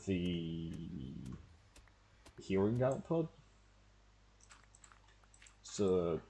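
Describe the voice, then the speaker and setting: A man's voice: low voice, dark tone, a little hiss or hum. A man streaming a game, chatting casually with wry, profane, rambling asides. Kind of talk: casual gameplay commentary.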